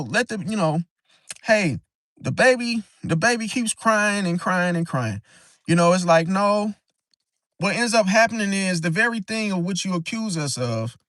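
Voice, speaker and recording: A man's voice: high voice, fairly bright tone, no echo. A man hosting an astrology livestream, talking in an emphatic, preachy way and often tagging "see?" onto his points. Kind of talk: casual livestream talk.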